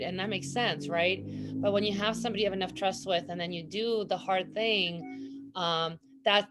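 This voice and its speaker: A woman hosting a podcast, responding to her guest in an affirming, reflective way. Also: lowish voice. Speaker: podcast host. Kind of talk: casual interview chat.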